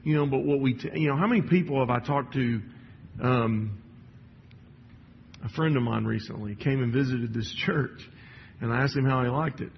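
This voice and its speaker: A man's voice: medium pitch, moderate pace, vocal fry, long pauses, slight background noise. A man giving a sermon in a church, talking conversationally with many restarts and fillers. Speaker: church speaker. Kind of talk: sermon with read passages. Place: church hall. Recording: dull sound with long hall reverb.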